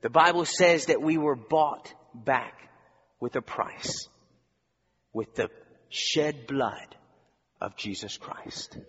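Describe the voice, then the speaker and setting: Husky-voiced pastor preaching in a hall. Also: male voice, mid-range voice, lively intonation, slow, long pauses, a bit bright. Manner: earnest preaching, rhetorical questions, repetition. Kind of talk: sermon. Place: church. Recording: dull recording in a reverberant hall.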